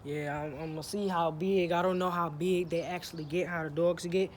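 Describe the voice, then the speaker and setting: A playful vlogger jokes straight into a handheld phone camera, heavy on slang and teasing. The voice sits at an ordinary middle pitch. It is recorded outside in the sun, with clear outdoor noise running underneath. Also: steady tone, brisk. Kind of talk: casual vlog talking to camera. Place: outdoors in sun, near a truck.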